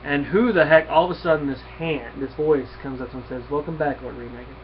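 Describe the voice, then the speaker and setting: A man with a slightly high voice reviews a comic book casually, talking a little fast. He retells the plot in a rambling way, with many fillers and restarts, and reads the dialogue aloud. The recording is dull and lo-fi, with a faint hiss.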